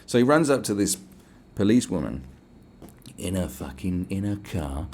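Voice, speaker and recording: With a low-pitched voice, vocal fry and a moderate pace, a young Englishman hosts a podcast against slight background noise. He rants casually and animatedly, swearing as he tells stories and performing quotes loudly.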